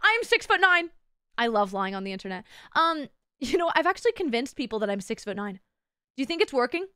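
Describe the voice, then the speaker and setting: A woman's voice: on the high side, animated, quick pace, fairly bright tone, clean tone, dry recording, studio quality. A young woman streaming as a VTuber, telling a story in casual chat, bubbly and giggly and swearing constantly.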